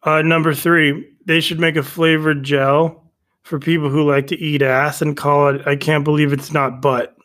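A man with a fairly high voice delivers jokes deadpan, drawing out his setups slowly. He is a comedian guest chatting casually on a podcast over a video call. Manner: deadpan joke telling, slow deliberate setups.

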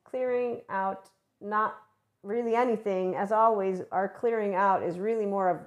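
A woman hosting a casual channeled spiritual guidance talk, playful and animated, often acting out excited chatter. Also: mid-range voice, a little slow, lo-fi sound. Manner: animated, playful, acts out enthusiastic voices. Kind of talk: spiritual monologue.

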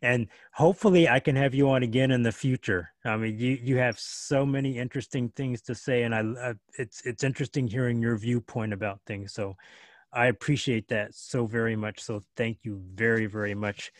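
A man's voice: mid-range voice, fairly even intonation, moderate pace, no echo, studio quality. A man hosting a podcast, effusive and gracious, often repeating his words as he thanks his guest and signs off. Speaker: podcast host. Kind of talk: casual interview talk.

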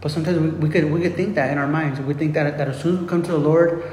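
Earnest preacher in an echoey hall. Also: male voice, on the high side, steady tone, fast talker, a little mellow, soft background music. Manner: earnest, repetitive, many restarts. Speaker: pastor. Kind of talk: sermon. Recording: echoey hall with faint ambience.

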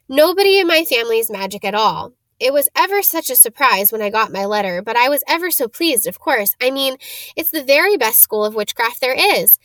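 A woman voicing a bossy, know-it-all young schoolgirl witch who chatters fast and eagerly. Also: sits high, fairly bright tone, no echo.

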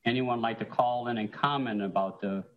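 A man chairing a council meeting, calling out item numbers and motions in a measured, procedural way. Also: medium pitch, steady tone, highs cut off. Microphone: remote call-in audio.

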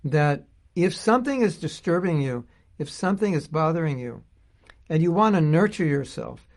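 A middle-aged man giving an informal spiritual talk, thinking aloud and searching for his words as he goes. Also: on the high side. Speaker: spiritual teacher.

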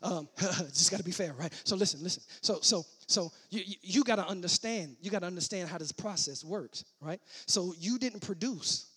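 A man preaching a sermon, starting as casual teaching and building to loud shouted preaching, repeating and restarting his words. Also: high-pitched, moderate pace, few pauses, husky.

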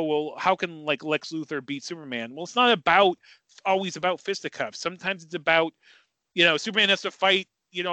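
A man's voice: fairly high pitch, pushed and bright, dry recording. A man co-hosting a podcast in casual chat, rambling and opinionated with enthusiasm. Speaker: podcast co-host.

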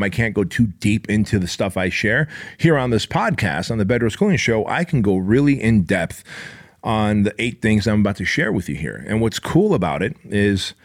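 A man in his forties hosting his own podcast, delivering a blunt, profane motivational monologue with lots of emphasis. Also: fairly low pitch. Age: 40s. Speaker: podcast host.

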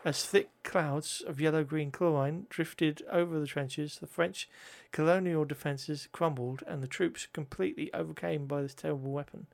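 A man's voice: on the high side, fairly even intonation, moderate pace, creaky, few pauses. A man reading history notes aloud, often stumbling over words, correcting himself and adding joking asides.

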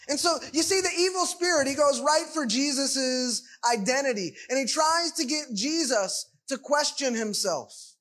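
Guy giving a sermon, really high voice, keeps firing questions. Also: animated, moderate pace, hardly any pauses, fairly bright tone. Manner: emphatic, piles up rhetorical questions. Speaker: preacher.

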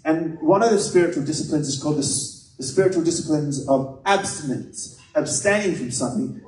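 Male preacher, earnest and chatty delivery, slightly higher voice, distant mic. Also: a little mellow. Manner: earnest, conversational preaching with personal stories. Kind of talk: sermon. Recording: echoey room, mic at a distance.

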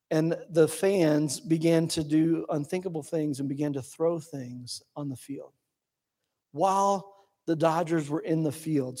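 Male pastor, high voice, storytelling sermon that rushes then slows to a hush. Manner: storytelling, swings from quick to slow and hushed.

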